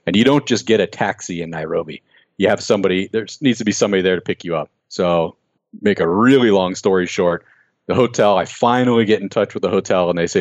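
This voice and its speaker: A man, a racing-world guest on a podcast, telling a personal story in an earnest, reflective way with halting restarts. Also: sits low, no room sound, highs cut off.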